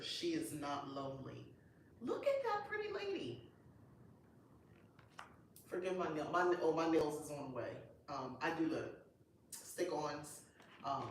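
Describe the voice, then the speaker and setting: A woman hosting a casual unboxing chat, gushing and excitable, with lots of delighted exclamations. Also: deep voice, distant mic. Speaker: host. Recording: echoey room, voice off-mic, faint noise.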